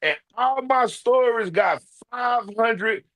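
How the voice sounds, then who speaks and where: A man's voice: very high-pitched, animated, takes it slowly, a bit bright. A man giving casual ranting commentary, brash and profane, calling people out directly. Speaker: online commentator.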